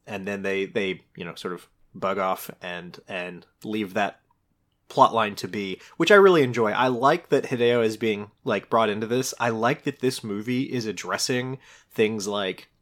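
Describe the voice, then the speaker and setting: A man's voice: on the low side, unhurried, fairly bright tone. A man co-hosting a casual review podcast, talking with enthusiasm, rambling and laughing easily. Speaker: podcast co-host. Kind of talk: casual chat reviewing a TV show.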